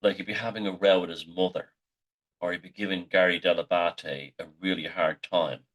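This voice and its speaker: A man's voice: sits low, fairly even intonation, normal speed, fairly bright tone. A middle-aged man, the host, telling rambling, sweary anecdotes in a casual monologue.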